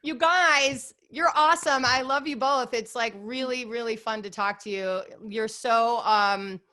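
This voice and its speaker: A woman in her forties talks as a podcast guest in a casual, upbeat way. She is earnest and chatty and her voice sits fairly high. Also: measured pace. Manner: upbeat, warm, earnest with lots of "like" and "you guys". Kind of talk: casual conversational interview.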